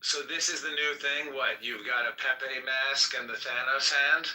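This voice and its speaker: A chatty man with a faint lisp on his S sounds talks casually. His voice is bright and tense. It comes from a bit off the mic in an echoey room. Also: mid-range voice, steady tone, a little slow, recorded from a distance. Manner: chatty, self-conscious about a slight lisp. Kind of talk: casual chat.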